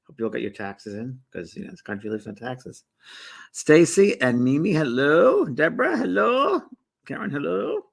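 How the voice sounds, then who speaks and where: A middle-aged man hosting a spiritual livestream, chatting casually and greeting viewers in a relaxed, rambling way. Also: on the high side, normal speed, gravelly. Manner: relaxed and rambling, with many fillers and restarts. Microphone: phone or webcam held by the speaker.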